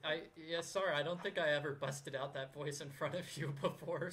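A man's voice: on the high side, fairly even intonation, moderate pace, hardly any pauses, a bit bright, slight background noise. A man hosting a let's play, chatting casually while playing an adventure game. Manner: chatty, chuckling, rambling. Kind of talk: casual gameplay commentary.

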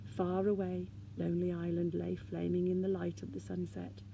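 A woman teacher reading a children's storybook aloud in a gentle, expressive way. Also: lowish voice, normal speed, gravelly, a little hiss or hum.

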